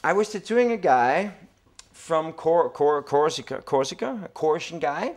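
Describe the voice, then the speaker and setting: A man's voice: a little high, normal speed. A tattoo artist, a man whose first language is not English, telling an anecdote in an interview and acting out the voices. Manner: animated storytelling, acts out voices.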